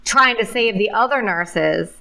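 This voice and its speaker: Bright-voiced woman rambling about a film. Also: medium pitch, expressive, measured pace, vocal fry. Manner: rambling, enthusiastic, restarts often. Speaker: podcast co-host. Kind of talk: casual film review chat.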